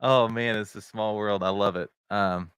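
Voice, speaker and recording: A man's voice: on the low side, fairly even intonation, moderate pace, fairly bright tone, clean tone, dry recording. A middle-aged man hosting a casual livestream podcast over video chat, rambling with many fillers and greeting viewers in the chat. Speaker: podcast host. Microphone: video chat setup.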